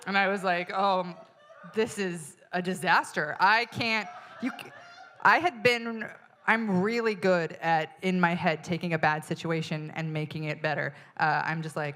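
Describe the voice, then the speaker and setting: A woman in her thirties tells a stand-up story with a bright, forceful voice pitched a little low. She swears freely and sounds fed up, now and then breaking into loud yelling. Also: fairly even intonation, moderate pace. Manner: profane, exasperated, bursts into loud yelling. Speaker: stand-up comedian.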